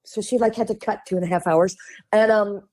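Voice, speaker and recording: Warm-voiced Midwestern actress telling stories. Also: female voice, mid-range voice, a little fast. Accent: Midwestern American. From Chicago, US. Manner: chatty and animated, laughs often, acts out quoted voices. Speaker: podcast guest, actress. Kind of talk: casual interview storytelling.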